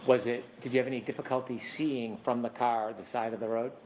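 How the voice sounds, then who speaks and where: A man acting as prosecutor in a courtroom, asking measured, methodical questions. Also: medium pitch, fairly even intonation, darkish tone, a little hiss or hum, poor audio.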